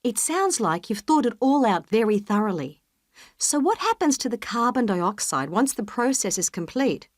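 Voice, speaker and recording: Upbeat professor, voice goes up and down a lot, dry studio sound. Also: female voice, a little high, big pitch swings, moderate pace, no echo. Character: female professor advising a student. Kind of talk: scripted exam listening recording.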